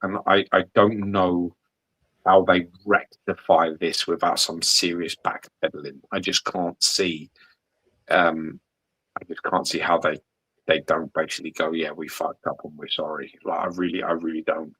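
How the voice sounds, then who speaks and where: Low, husky man in animated chat. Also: a little slow, dry recording, rough recording. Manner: animated, swearing freely, acts out quoted lines. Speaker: host. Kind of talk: casual chat.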